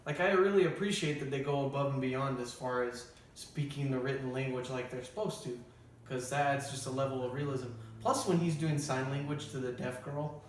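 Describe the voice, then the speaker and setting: A man's voice: mid-range voice, fairly quick. A young man chatting eagerly about movies in a casual roundtable review. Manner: enthusiastic, animated. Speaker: film reviewer. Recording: echoey room, distant mic, faint hiss.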